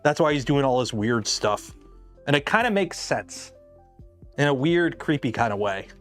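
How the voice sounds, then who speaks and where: A man's voice: mid-range voice, expressive, normal speed, soft background music. A young man chatting casually and rambling on tangents while he works on a build during a livestream. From Canada. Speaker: livestream host.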